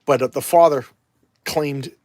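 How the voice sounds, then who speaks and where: A man's voice: fairly high pitch, fairly even intonation, measured pace, a little mellow, dry recording. A man chatting casually and enthusiastically as a comics vlogger, rambling with restarts. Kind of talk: casual chat.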